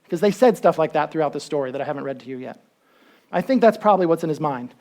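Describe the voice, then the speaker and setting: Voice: medium pitch, fast. A pastor giving a sermon in a conversational way, asking the listeners questions and acting out the story as it goes. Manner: animated storytelling, acts out quotes.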